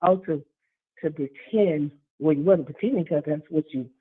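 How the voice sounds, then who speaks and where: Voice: mid-range voice, normal speed, husky. A caller on a phone line, asking questions in a hesitant, apologetic way. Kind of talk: phone call-in.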